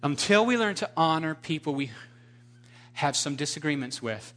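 A male pastor delivering a sermon, animated and emphatic as he tells a story and drives his point home. His voice is bright and forceful, sitting on the higher side for a man. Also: moderate pace.

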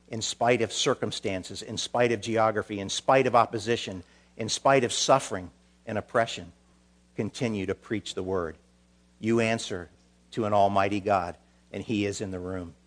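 A man preaching a sermon, charging a young preacher, swinging from quiet, solemn passages to loud, emphatic ones. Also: fairly low pitch. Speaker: pastor.

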